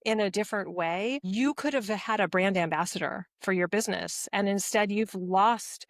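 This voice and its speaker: Measured woman podcast guest. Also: medium pitch, no echo, studio quality. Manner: measured, thoughtful, slows to choose words. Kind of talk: casual podcast conversation.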